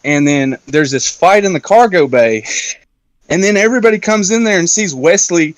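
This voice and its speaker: Male podcast host, fairly high voice, dry close recording, lively storyteller. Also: normal speed, no echo. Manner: animated storyteller, acts out quotes. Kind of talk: casual round-table chat.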